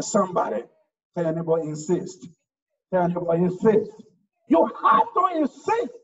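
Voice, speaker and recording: A man preaching a sermon as pastor, pressing his points with shouted emphasis and repeated lines. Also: extremely high pitch, recorded from a distance, muffled recording.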